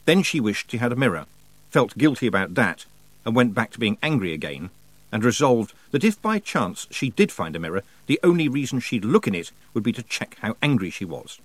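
A man reading a novel aloud as narrator, with measured, expressive storytelling. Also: medium pitch, no echo, rough recording. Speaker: audiobook narrator. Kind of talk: scripted narration.

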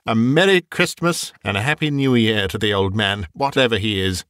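A man's voice: fairly low pitch, moderate pace, fairly bright tone, no echo, studio quality, natural voice. A man reading as a jovial young nephew. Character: cheerful young man giving a festive toast.

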